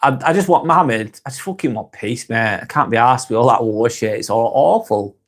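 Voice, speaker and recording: A man's voice: mid-range voice, animated, fairly quick. A man with a British accent hosting a casual live stream, reading out viewer comments and answering them bluntly, swearing freely and often laughing.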